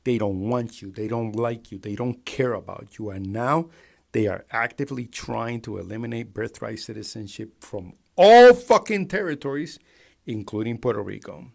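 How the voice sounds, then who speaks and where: A man in an angry political rant, profane, breaking into shouting bursts. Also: on the low side, steady tone, moderate pace, creaky. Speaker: commentator.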